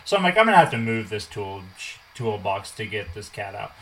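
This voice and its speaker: A man in his twenties telling a casual, animated story, swearing and acting out what people said. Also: on the low side, a little fast, rough recording. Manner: animated, swears, acts out quotes.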